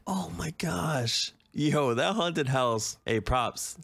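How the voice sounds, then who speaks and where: Young male gamer host, excitable, voice leaps up when scared, game music faintly underneath. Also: slow pace, creaky, few pauses. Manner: excitable, jumps to high yelps when startled. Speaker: gaming YouTuber. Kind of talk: playing a game on camera.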